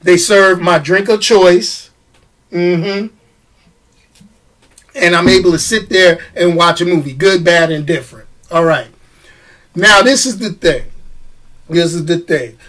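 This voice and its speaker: A man hosting a casual live show, talking straight to his commenters with quick restarts, repeated phrases and frequent laughter. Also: sits high. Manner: animated, stammering restarts, laughs often, talks to commenters. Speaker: show host. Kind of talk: casual live-stream chat.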